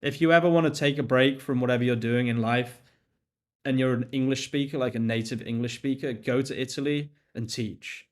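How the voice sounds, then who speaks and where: A young man hosting a casual coding live stream, relaxed and talkative. He reads viewers' messages aloud and answers them offhand, with easy laughs and the odd swear. His voice sits at an ordinary middle pitch. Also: fairly quick. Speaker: livestream host.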